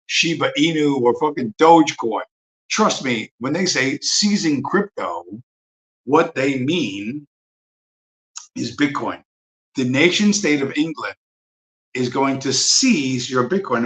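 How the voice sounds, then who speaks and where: A man hosting a casual livestream, with a voice of middling pitch. He rants in a profane, emphatic way, hammering his points home. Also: expressive, slow pace, a bit bright, rough recording. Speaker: livestream host. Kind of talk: livestream rant.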